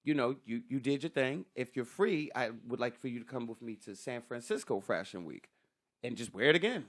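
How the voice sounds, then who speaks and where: A man who is a stand-up comedian, telling stories in an animated way with casual swearing on a podcast. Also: mid-range voice, brisk. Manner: animated storytelling, swearing freely.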